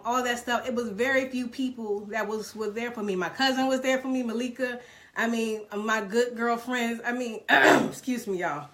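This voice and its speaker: A middle-aged woman with a slightly high voice speaks casually to her live-stream audience. She is emotional and earnest, at times close to tears, and calls her viewers "y'all". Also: fairly bright tone. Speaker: direct-sales business mentor.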